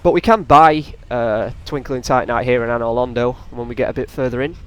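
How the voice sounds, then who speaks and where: A man's voice: medium pitch, fairly quick, fairly bright tone, clear, resonant tone. Chatty man doing let's play commentary. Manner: casual, rambling, taunts enemies on screen. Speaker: gaming channel host.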